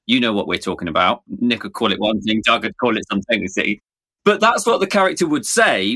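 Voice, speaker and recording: British guy chatting on a podcast, bright voice, bouncy pitch, keeps tagging "isn't it". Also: dry recording. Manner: chatty, lots of tag questions. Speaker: guest author. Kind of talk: casual podcast chat.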